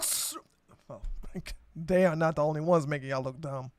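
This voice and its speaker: A woman hosting a political commentary podcast, talking loudly and emphatically with blunt slang and frequent laughter. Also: deep voice, moderate pace, dry recording, clean studio sound. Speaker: podcast host.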